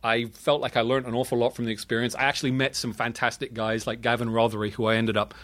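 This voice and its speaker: A man's voice: medium pitch, flat delivery, fast, a bit bright. A British man talking as a guest in a casual conversation, rambling with frequent restarts and self-deprecating humor. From Britain.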